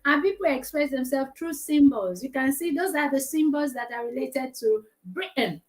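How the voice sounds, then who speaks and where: A woman's voice: high voice, lively intonation, normal speed, darkish tone, poor audio. A woman with a Nigerian accent hosting a casual educational discussion, explaining things in a chatty, joking way. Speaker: host.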